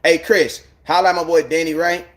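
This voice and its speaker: Man, casual live-stream chat, rambling slang, shout-outs to viewers, slightly high voice. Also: steady tone, a little fast. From United States. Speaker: livestreamer chatting with viewers.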